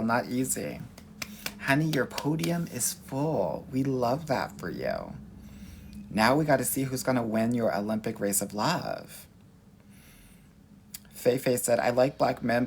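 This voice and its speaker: Sassy gravelly-voiced man with Valley accent. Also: medium pitch, a little hiss or hum. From Los Angeles. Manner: sassy, animated, reads viewer comments. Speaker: dating coach. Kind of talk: livestream Q and A.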